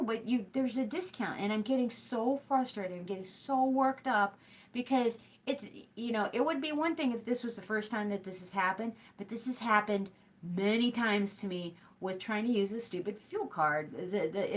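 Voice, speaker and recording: A woman's voice: medium pitch, normal speed. Middle-aged lady hosting a live hoop show, rambling story, lots of ums and you knows. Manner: rambling storytelling with many fillers. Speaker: host of a hooping show. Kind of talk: casual chat to a live stream.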